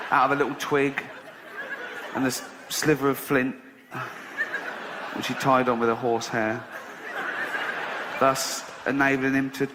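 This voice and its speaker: A man's voice: on the high side, background noise. A man doing stand-up, telling a long story with sardonic asides and plenty of swearing. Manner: sardonic, swears freely, mock-innocent storytelling. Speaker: stand-up comedian.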